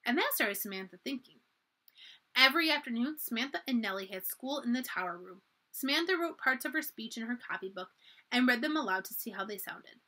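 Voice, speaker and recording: A woman reading a children's book aloud for a library, expressive and lively. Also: fairly high pitch, brisk. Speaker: library storyteller.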